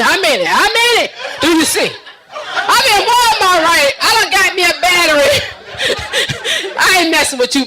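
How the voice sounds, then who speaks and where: A woman doing a stand-up routine, sassy and teasing the crowd with drawn-out punchlines. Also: extremely high pitch, low-quality recording. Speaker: stand-up comedian.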